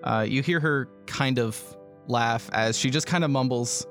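A man's voice: medium pitch, unhurried, fairly bright tone, faint music behind. A man narrating a tabletop game as game master, rambling with many fillers. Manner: rambling, full of fillers and laughs.

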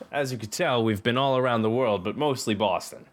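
A man hosting a podcast in casual chat, rambling and relaxed, laughing often, sounding tired. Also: mid-range voice. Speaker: podcast host.

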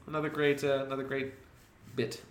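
A man co-hosting a podcast, casually recapping movies in a rambling, profane, deadpan jokey way with quick voiced asides. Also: mid-range voice, reverberant. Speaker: podcast co-host.

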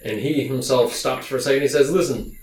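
A man's voice: medium pitch, steady tone, fast, distant mic, a little hiss or hum. Man narrating as game master. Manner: casual, hesitant narration with fillers. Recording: roomy recording.

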